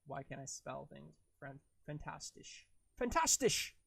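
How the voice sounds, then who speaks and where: A man's voice: a little high, measured pace, gravelly, no echo. A young man hosting a live stream, chatting casually and rambling in a giggly, self-deprecating way while he works.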